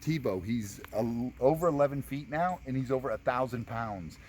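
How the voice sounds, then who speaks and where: A man's voice: mid-range voice, normal speed, darkish tone, slight background noise. A man who handles alligators at a park, chatting casually outdoors and explaining things in a laid-back, knowing way.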